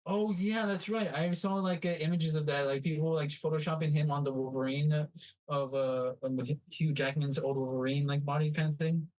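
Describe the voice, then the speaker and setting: Co-host man, casual and rambling, lots of fillers and restarts. Slightly high voice. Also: steady tone, a little fast, darkish tone, rough recording. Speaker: podcast co-host. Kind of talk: casual chat.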